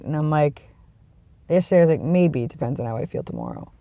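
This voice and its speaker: Sick, gravelly-voiced vlogger. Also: animated, fast talker, mellow, no echo. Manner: rambling, self-deprecating, trails off into low mumbles. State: sick with a cold, sniffly and congested; tired and yawning. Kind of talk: casual chat to camera.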